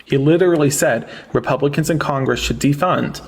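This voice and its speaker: A man's voice: fairly high pitch, fairly quick, creaky, breathy edge. A young man hosting a live online debate, mocking and sarcastic, often cutting his guests off. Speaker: livestream debate host.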